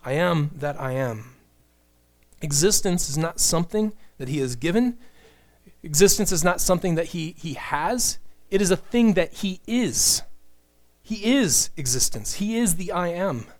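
Preacher, male, middle-aged; somewhat high voice, earnest sermon delivery with wry asides. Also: animated, measured pace. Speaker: pastor.

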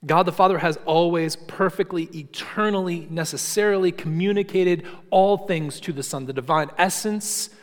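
A male preacher delivers a sermon in a slightly high voice. He speaks emphatically, stacking repeated phrases to drive his points home. His voice rings out with a long reverb, as if in a large church hall.

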